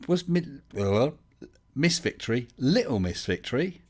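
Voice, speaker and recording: A man's voice: mid-range voice, sing-song, normal speed, breathy edge. A man, hosting a casual live stream and chatting his way through viewer comments with lots of fillers and restarts.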